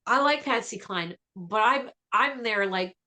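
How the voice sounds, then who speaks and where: A woman's voice: medium pitch, expressive, pushed and bright. Chatty woman singer being interviewed. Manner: chatty and enthusiastic, quick asides. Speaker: guest vocalist. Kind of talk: radio interview conversation.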